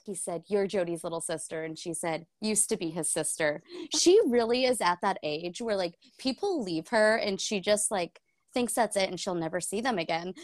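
A woman's voice: medium pitch, no echo, studio quality. A young woman co-hosting a book club podcast, candid and laughing often, swearing casually. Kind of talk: casual chat.

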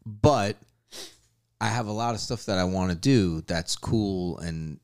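A man's voice: sits low, a little slow. A man chatting casually about his art, candid and self-mocking, swearing often. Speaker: guest painter. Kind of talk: casual chat.

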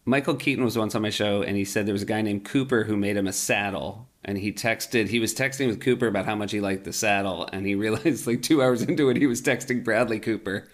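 A man's voice: on the low side, fast talker, few pauses. A man co-hosting a podcast, asking guests questions and telling anecdotes in casual chat. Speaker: podcast co-host.

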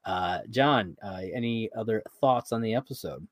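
This man, co-hosting a podcast, has a lowish voice and speaks at a moderate pace. He rambles through a casual chat about a sitcom episode, laughing a lot and occasionally swearing, captured in clean studio sound without any room sound.

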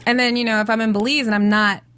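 An outspoken woman from Colorado speaking a little high in her range, chatting casually as a co-host. She teases and gives blunt opinions. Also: little pitch movement, fast talker, a bit bright, clear, resonant tone. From Colorado, USA. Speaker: podcast co-host. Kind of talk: casual chat.

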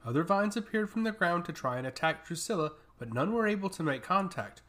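A man narrating a fantasy story with a steady, dramatic reading. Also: high voice, brisk.

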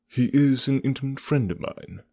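A man's voice: medium pitch, moderate pace, creaky, mellow, dry recording, studio quality, voice pushed up. A man voicing a stern, curt middle-aged male doctor who turns furious, with clipped, cold, formal replies. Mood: cold, guarded.

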